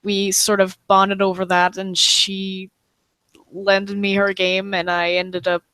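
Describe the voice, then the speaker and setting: Female panel guest from Quebec, slow pace, dry sound. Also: mid-range voice, completely flat delivery, sharp tone, clear, resonant tone, no room sound. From Quebec, Canada. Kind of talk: casual chat.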